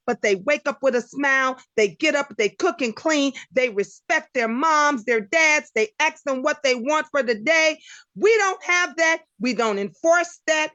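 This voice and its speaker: A woman's voice: high-pitched, sharp tone, no echo. A woman from the United States, a guest in a casual chat, telling stories in a blunt, emphatic way.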